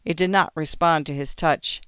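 A man narrating a story in a measured, subdued reading. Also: a little high, steady tone, a bit bright, clear, resonant tone, no room sound, clean studio sound.

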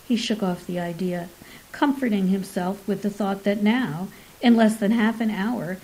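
Slow, measured woman narrating a story. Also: medium pitch, dark tone, low-quality recording.

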